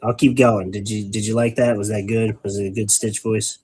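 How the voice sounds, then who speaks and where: Husky, wordy male hobby host. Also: lowish voice, level tone, fairly quick, a little mellow, low-quality recording. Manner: wordy, rambling, self-mocking. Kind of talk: casual chat while painting miniatures.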